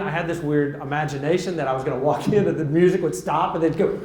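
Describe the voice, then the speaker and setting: A middle-aged man giving a keynote speech at a luncheon, telling an animated story and acting out the dialogue. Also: a little high, brisk, hardly any pauses, reverberant, heavy background noise. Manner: animated, acts out dialogue in quotes. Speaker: keynote speaker. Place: large hall at a luncheon.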